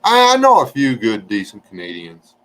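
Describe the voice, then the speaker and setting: A man's voice: mid-range voice, huge pitch swings, normal speed, poor audio. A man, chatting casually and joking with viewers on a livestream. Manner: folksy, joking, reading chat aloud.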